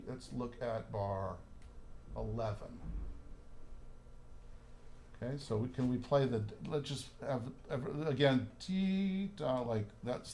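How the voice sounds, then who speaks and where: A man's voice: mid-range voice, a little mellow, a little hiss or hum. A man leading a hands-on violin workshop, chatty, singing phrases and checking in with "right?" as he coaches the players. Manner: chatty, sings phrases, frequent "right?" and "okay?". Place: room with musicians playing.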